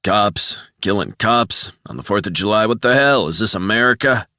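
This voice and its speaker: A man's voice: low voice, fairly quick, a bit bright, dry recording, clean studio sound. A man voicing an old man at a bar who grumbles with indignation. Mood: indignant.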